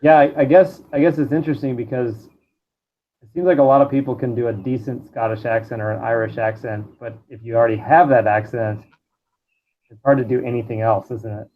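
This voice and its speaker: A man's voice: medium pitch, steady tone, a little fast. A man who is a guest in a casual podcast chat, asking questions with many stammering restarts. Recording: dull lo-fi audio.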